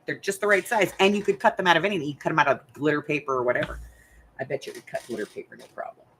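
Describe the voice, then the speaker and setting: A woman's voice: deep voice, expressive, racing, a bit bright, slight background noise. An older woman from the United States hosting a crafting channel, chatting casually and rambling to her viewers while she thinks aloud.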